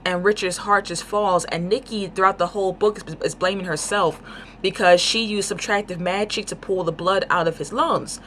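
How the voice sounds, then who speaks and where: A woman giving a casual book review, talking in an excited, rambling way with lots of fillers. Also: medium pitch, moderate pace, a little hiss or hum.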